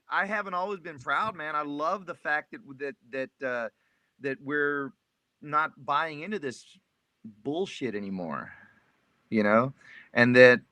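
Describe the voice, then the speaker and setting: Bright, dry-voiced Texas man. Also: medium pitch, dry recording. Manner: candid, joking, restarts often. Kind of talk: casual group chat.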